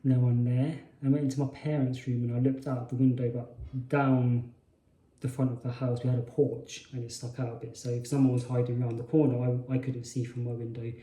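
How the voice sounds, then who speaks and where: A man's voice: medium pitch, level tone, a little fast, warm tone. A man telling a personal story in a hesitant way, often restarting and correcting himself. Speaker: spiritual channel host. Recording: roomy echo.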